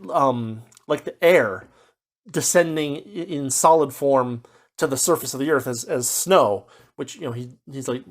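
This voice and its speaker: A man talks through a book review in a loose, unscripted way, circling back with fillers and restarts as he sums things up. His voice sits at an ordinary middle pitch, and he drops into brief mock voices when he paraphrases the characters. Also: measured pace. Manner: rambling, many fillers and restarts. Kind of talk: casual spoken book review.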